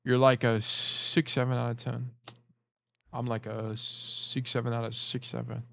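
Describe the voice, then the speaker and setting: A man's voice: mid-range voice, flat delivery, measured pace, creaky. A man coaching players over a casual livestream, rambling, joking and swearing as he talks. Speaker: game coach.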